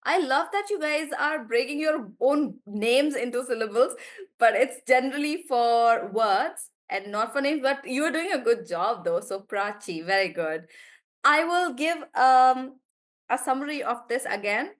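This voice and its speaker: A woman's voice: high voice, expressive, a little slow. Chatty, encouraging woman teacher. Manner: chatty, encouraging, praising students by name; laughs often between explanations. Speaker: English teacher. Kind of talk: live online class.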